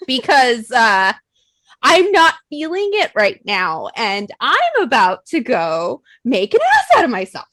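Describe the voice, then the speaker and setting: A woman's voice: high-pitched, huge pitch swings, unhurried, fairly bright tone, no echo. A young woman co-hosting a casual podcast chat, self-deprecating and swearing, laughing often and acting out her own quotes. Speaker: podcast co-host.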